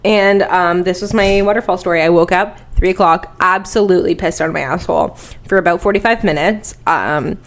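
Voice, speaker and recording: A woman's voice: on the low side, brisk. A young woman co-hosting a podcast, telling rambling, crude stories in casual chat. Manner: rambling, crude, chatty storytelling. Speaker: podcast co-host.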